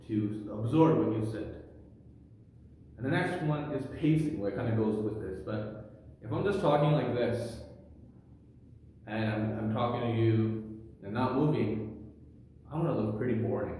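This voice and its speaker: A man giving an energetic, animated, loud talk to camera with public speaking tips. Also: mid-range voice, slight background noise. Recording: echoey room with long reverb.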